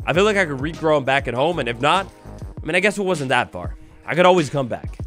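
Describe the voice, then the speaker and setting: A man narrates his gameplay in a bright, high, very animated voice, sliding from squeals to mock-grumpy lows. His commentary is upbeat and jokey, full of playful theatrics. Faint music sits quietly behind him. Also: fast. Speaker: Minecraft let's play host.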